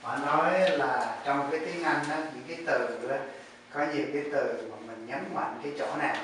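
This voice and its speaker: A man's voice: mid-range voice, brisk, fairly bright tone, very echoey, distant mic, slight background noise, rough recording. A man whose first language is Vietnamese, hosting and interpreting an English lesson, explaining the teacher's points to the students. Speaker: host and interpreter.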